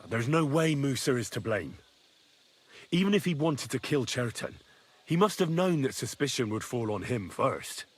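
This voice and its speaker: A man's voice: mid-range voice, sing-song, normal speed, husky. An actor playing a young man, the protagonist, who sounds wry and observant. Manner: wry, dry, thoughtful. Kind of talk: video game dialogue.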